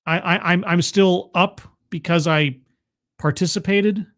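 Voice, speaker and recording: A man with a notably high speaking voice hosts a livestream, talking back at a video he is watching. His commentary is sarcastic and incredulous. He often stumbles and restarts his words. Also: fairly even intonation, a little slow, fairly bright tone. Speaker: livestream host reacting to a video. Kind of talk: casual commentary.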